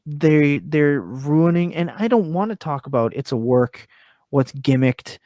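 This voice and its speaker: Candid wrestler venting on a podcast. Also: male voice, animated, unhurried, mellow, no room sound, studio quality. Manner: candid, swears freely, rants with rising pitch. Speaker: guest, pro wrestler. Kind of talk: casual podcast interview. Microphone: remote call mic.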